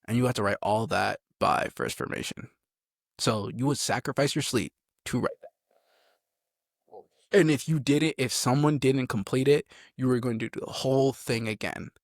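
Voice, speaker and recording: Young man, soldier, casual storytelling, animated, laughing, mid-pitched, dry sound. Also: moderate pace, vocal fry, no echo. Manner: animated, laughing, acts out quotes. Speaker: army soldier, podcast guest.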